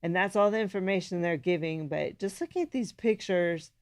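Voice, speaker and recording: A woman's voice: fairly low pitch, fairly quick, a little mellow. A woman co-hosting a political show, chatting casually as she reads news out. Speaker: co-host.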